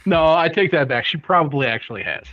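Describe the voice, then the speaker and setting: Lively man laughing through podcast banter. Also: fairly high pitch, fast, slight background noise. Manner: laughs often, self-deprecating. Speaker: podcast co-host. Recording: dry, dull lo-fi sound.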